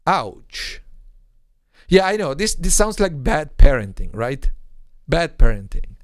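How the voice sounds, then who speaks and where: In a dry, clean studio recording, an adult rabbi who has a young son gives his weekly online Torah lesson. He speaks slowly in a sing-song, mid-range voice, explaining through rhetorical questions and dramatized quotes.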